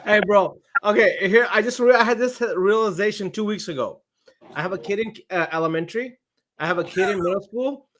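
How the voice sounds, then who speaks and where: A man's voice: high-pitched, a little fast, fairly bright tone, slight background noise. A man in his forties co-hosting a podcast, talking bluntly and jokingly and swearing freely. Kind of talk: casual chat.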